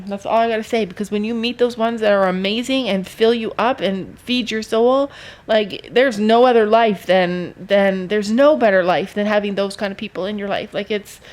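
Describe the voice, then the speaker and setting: A woman vlogging on her farm, talking emotionally and rambling, often repeating herself. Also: medium pitch. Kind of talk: casual talk to camera. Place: farm barn.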